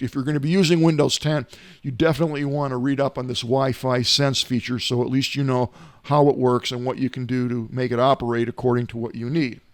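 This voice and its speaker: A man's voice: mid-range voice, clear, resonant tone, no echo. A middle-aged man hosting a tech gadget show from home, talking in a folksy, rambling way with many filler uhs. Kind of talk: casual tech gadget talk. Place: home, not in the studio.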